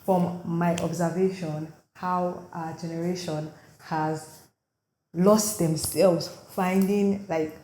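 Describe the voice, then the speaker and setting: A young woman of nineteen hosts her own podcast, talking in a loose, rambling way full of "like." Her voice is tired and sits a little low for a woman. A faint hiss hangs under her voice. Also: little pitch movement, slow, warm tone. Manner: rambling and chatty, heavy use of "like". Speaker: podcast host. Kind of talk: casual solo podcast chat.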